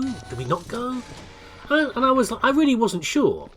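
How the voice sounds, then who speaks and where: A man's voice: high-pitched, big pitch swings, normal speed, a bit bright, a little hiss or hum. An older English man talking over gameplay in a rambling, casual and self-deprecating way, often stopping to restart a sentence. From England. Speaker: gaming video host.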